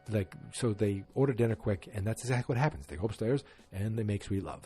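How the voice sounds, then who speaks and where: A man's voice: lowish voice, expressive, quick pace, hardly any pauses, warm tone, faint music behind. A man hosting a casual solo podcast, retelling scenes and acting out the quotes with sarcastic asides. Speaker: podcast host.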